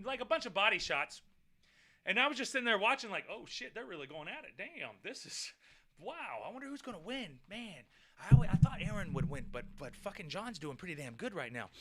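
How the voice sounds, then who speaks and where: Bright high-voiced man telling a story. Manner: rambling, repetitive and profane. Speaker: vlog host. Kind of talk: casual personal storytelling.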